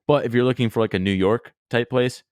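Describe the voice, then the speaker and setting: A young man co-hosting a podcast, telling travel stories in a rambling, excitable way and swearing freely. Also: mid-range voice, fast, clean tone, dry recording, clean studio sound. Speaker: podcast co-host. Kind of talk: casual storytelling chat.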